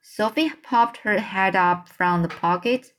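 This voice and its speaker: Woman, narrator, children's book read-aloud, slow, mid pitch, restarts words. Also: a bit bright. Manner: unhurried, with restarts and repeated words.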